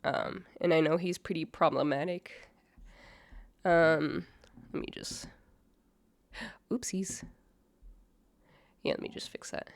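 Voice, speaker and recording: A woman's voice: low-pitched, fairly even intonation, slow, pauses often, dry recording. A young woman host with a slightly nasal voice from a cold, chatting casually and judgmentally through a reaction video with lots of fillers. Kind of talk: casual commentary.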